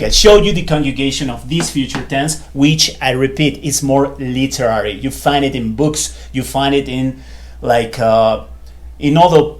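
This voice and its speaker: A man teaching a beginner Spanish grammar lesson in a chatty, loose way, full of fillers and repeated phrases. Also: mid-range voice. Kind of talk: casual whiteboard lesson.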